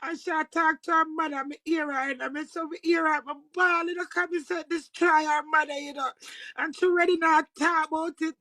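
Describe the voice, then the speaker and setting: Jamaican woman, high pitched, very dry close sound, impassioned livestream rant, swearing and shouting. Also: steady tone, normal speed, no echo.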